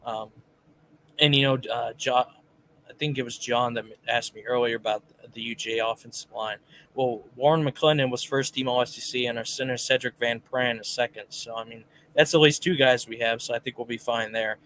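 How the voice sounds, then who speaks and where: A man's voice: mid-range voice, steady tone, brisk, a bit bright, slight background noise. A man co-hosting a casual live sports talk show, reading viewer comments and giving his picks in a chatty way. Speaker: podcast co-host.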